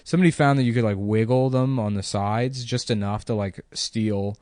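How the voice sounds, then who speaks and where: Podcast co-host, man, lowish voice, rambling comic storyteller, dry studio sound. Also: moderate pace, darkish tone, dry recording. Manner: rambling, profane, laughs at own jokes. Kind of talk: casual comedic storytelling.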